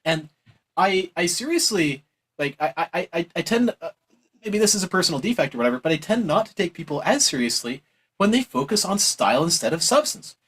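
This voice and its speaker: A man giving a heated, preachy opinion monologue on politics, mocking others in exaggerated high voices. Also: sing-song, brisk, a bit bright, slightly rough, low-quality recording. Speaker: political commentator.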